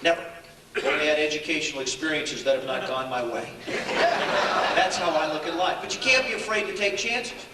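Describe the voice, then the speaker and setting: A man's voice: a little high, moderate pace, noisy background. An older man giving a humorous motivational speech to an audience, telling stories animatedly, acting out dialogue and chuckling often, recorded in a large echoey hall. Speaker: keynote speaker. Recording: echoey hall, distant mic, faint ambience.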